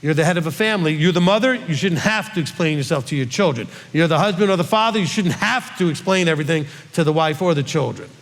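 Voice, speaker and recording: A man's voice: fairly high pitch, lively intonation, fast, hardly any pauses. Man, rabbi, scripture teaching, raised voice, long hall reverb. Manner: conversational, asks listeners questions.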